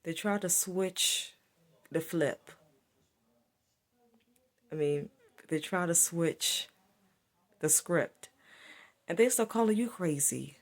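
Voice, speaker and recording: A woman's voice: on the low side, slow, pauses often. A woman giving a solo spiritual monologue to camera, repetitive and emphatic as she accuses. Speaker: spiritual vlogger.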